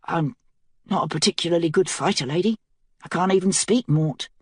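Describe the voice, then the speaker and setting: A woman voicing a weary, heartbroken male gate guard who speaks haltingly and with despair. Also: lowish voice, breathy edge, no room sound, clean studio sound.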